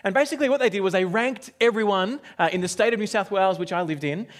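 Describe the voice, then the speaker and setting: A man's voice: high-pitched, fast talker. An Australian man in his forties preaching a sermon, telling a personal story and acting out his own reactions. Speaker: pastor.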